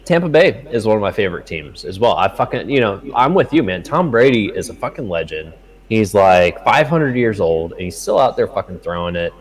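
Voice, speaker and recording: A man's voice: on the low side, brisk, poor audio. A young man co-hosting a casual sports betting chat, swearing often and telling stories animatedly. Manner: profane, animated storytelling. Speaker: podcast co-host.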